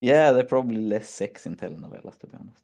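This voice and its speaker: A man's voice: medium pitch, expressive, fast talker, gravelly, mellow. A man with a Swedish accent hosting a casual chat stream, rambling through stories and acting out his own reactions. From Sweden. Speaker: stream host.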